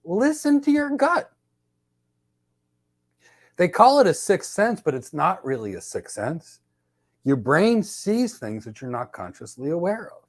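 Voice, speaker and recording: A man hosting a podcast, giving casual career advice and telling lively stories that he acts out in dialogue. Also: fairly high pitch. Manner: energetic storyteller who acts out dialogue. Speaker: podcast host.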